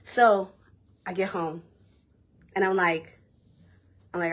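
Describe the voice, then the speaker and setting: Young woman vlogger with a breathy, husky voice. Repeats herself and talks in slang, telling her story casually. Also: on the low side, steady tone, slow pace.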